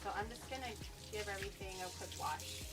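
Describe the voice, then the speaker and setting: A woman's voice: medium pitch, lively intonation, quick pace, heavy background noise. A young woman chatting casually while cooking on her stream, explaining each step and swearing now and then.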